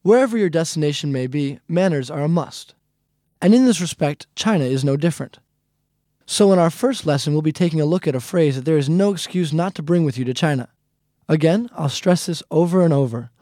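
A man's voice: fairly high pitch, expressive, a little fast, warm tone, no room sound, studio quality. A man teaching a casual language lesson, friendly and repetitive, often calling the listeners "guys". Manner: friendly, repeats points, calls listeners "guys".

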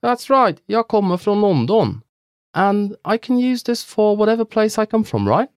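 A man's voice: high-pitched, sing-song, moderate pace, clear, resonant tone, no room sound, studio quality. A man co-hosting a scripted language lesson, upbeat and encouraging toward listeners.

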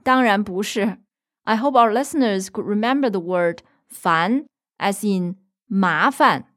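A woman's voice: medium pitch, a little slow, fairly bright tone. A woman teaching on a language lesson podcast, patiently explaining and giving example sentences, recorded in a studio. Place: studio in Beijing.

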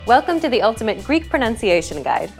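Woman doing an upbeat scripted lesson, voice pretty high and swings around a lot. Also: very animated, fast talker, faint music behind. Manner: clear, upbeat explaining with questions to the learner. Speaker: language teacher.

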